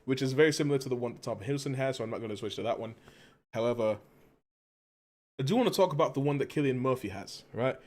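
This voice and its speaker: A man doing a put-on British accent, playing a suave, regal gentleman in a low, hushed, mock-posh voice. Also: lively intonation, quick pace, natural voice.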